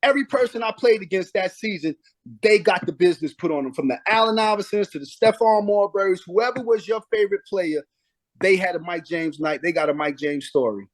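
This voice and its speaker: A middle-aged man with a notably high voice tells stories from his playing days in a casual interview. He is emphatic and acts out what people said to him. The sound is dry and close. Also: fairly quick, no room sound. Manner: emphatic, acts out past conversations. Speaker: guest, former pro basketball player.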